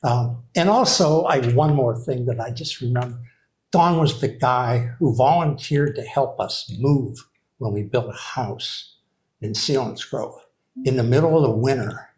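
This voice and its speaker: The echoey recording captures an older man, once director of a writing program, giving memorial remarks to a live audience in a hall. His medium-pitched voice is a little mellow, and he meanders hesitantly with many fillers and restarts.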